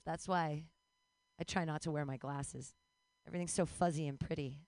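A woman's voice: sits low, no room sound. A woman in her forties doing a rambling, bawdy stand-up comedy set, breaking into squeals and laughs. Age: 40s.

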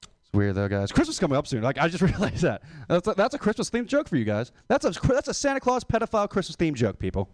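A young male comic hosting a live stand-up night, with a crude, rambling delivery. His voice is pitched a little high and swings widely, dropping low to close each bit. It sounds dry and close to the mic. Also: huge pitch swings, fast, no echo. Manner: crude, rambling, drops pitch on tag lines. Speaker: comedy show host. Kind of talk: stand-up comedy.

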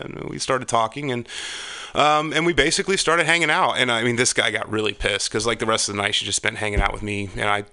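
A middle-aged man with a gravelly, low voice and a bright, sharp edge. He tells loose, rambling stories in relaxed chat and swears freely along the way. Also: fast. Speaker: podcast guest. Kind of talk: casual chat.

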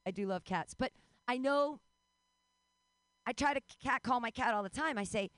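A woman in her forties doing a rambling, self-deprecating stand-up comedy set, breaking into sudden high yelps and laughter. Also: lively intonation, normal speed, long pauses, a bit bright, no room sound. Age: 40s.

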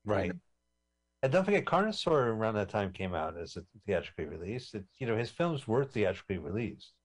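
A man's voice: lowish voice, very animated, a little fast. A man co-hosting a podcast, reminiscing and chatting casually about a movie they are watching. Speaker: podcast co-host.

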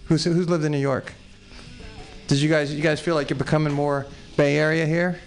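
Gravelly, rambling man at an open mic. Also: a little high, flat delivery, normal speed, soft background music. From Texas. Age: 40s. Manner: rambling, profane and self-deprecating, with many restarts. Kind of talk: improvised stand-up at an open mic.

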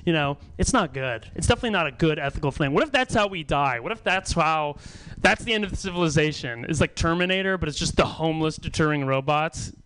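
A man's voice: fairly high pitch, animated, fast talker, a bit bright, slight background noise, poor audio. A man doing a stand-up comedy set on stage, self-deprecating and profane, rambling and chuckling between jokes. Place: comedy stage before a small audience.

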